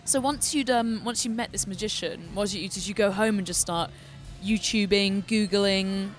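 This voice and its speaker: A British woman hosting a relaxed podcast conversation. She tells anecdotes with lively, animated energy. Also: medium pitch, moderate pace, soft background music. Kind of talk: casual podcast chat.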